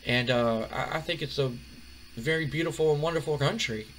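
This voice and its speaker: A put-upon young woman who trips over her words, pitched up above his own voice and bright in tone, as a male narrator acts her out. She sounds hesitant and hurt. The voice is recounted in a wrestling game playthrough. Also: brisk, slight background noise, poor audio. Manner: hesitant, stammering.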